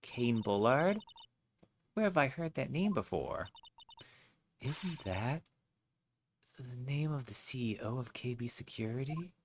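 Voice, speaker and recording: An earnest young defense lawyer speaks in a flustered, lively way, stumbling now and then, as a man reads him in close to his own voice. He sounds well-meaning and easily caught off guard. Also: medium pitch, unhurried, long pauses, a little hiss or hum, pitched above the performer's own voice.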